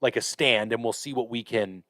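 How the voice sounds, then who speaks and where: A man hosting a podcast, telling a hunting story in a casual, profane, animated way with lots of fillers. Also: medium pitch, normal speed, no room sound. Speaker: podcast host.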